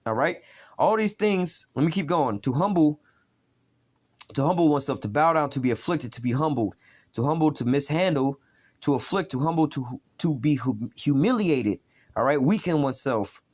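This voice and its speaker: Male street preacher, informal bible lesson, rambling and profane, heavy on fillers, voice a bit high. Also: animated, moderate pace, darkish tone, husky.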